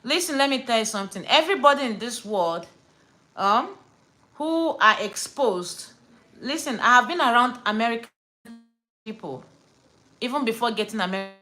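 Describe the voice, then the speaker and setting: Bright, emphatic Nigerian woman. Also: a little high, animated, moderate pace, long pauses, rough recording. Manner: emphatic, repeats words for stress, slips into Pidgin. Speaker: vlogger. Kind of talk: casual storytime rant to camera.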